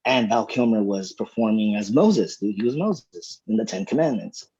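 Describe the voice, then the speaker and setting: A man with a mellow, slightly husky voice tells a relaxed story on a podcast. He drops "dude" into almost every sentence. The sound is dull and lo-fi. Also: on the low side, moderate pace. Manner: laid-back, says "dude" a lot. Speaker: podcast co-host. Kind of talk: casual storytelling chat.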